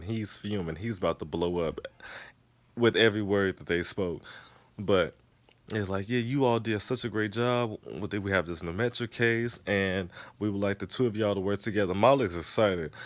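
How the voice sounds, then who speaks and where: Profane, animated man recapping a show. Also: fairly low pitch, no echo. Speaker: TV episode reviewer. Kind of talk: casual recap monologue.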